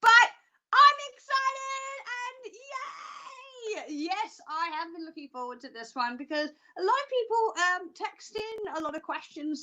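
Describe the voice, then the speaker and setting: Woman, from Australia, phone-in presenter, chatty and self-mocking, high bright voice. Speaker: psychic show presenter. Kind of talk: live phone-in show presenting.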